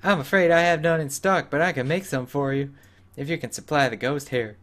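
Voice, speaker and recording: A man putting on a high-pitched dwarf craftsman. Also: a little fast, fairly bright tone, natural voice. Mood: earnest. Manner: theatrical quest-text reading. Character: gruff male dwarf craftsman, helpful.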